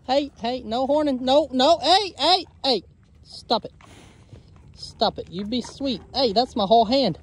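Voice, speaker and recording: A man's voice: very high-pitched, unhurried. A man, a homesteader chatting casually in a vlog, coaxing and fondly talking to his animals. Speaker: homesteader vlogger. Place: outdoor pasture.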